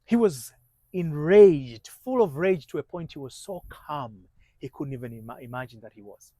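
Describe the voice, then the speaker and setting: A man coaching on marriage, telling a story in halting sentences with many restarts and dropping to a hushed voice at tense moments. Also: fairly high pitch, lively intonation, dry recording, low-quality recording. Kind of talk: motivational storytelling talk.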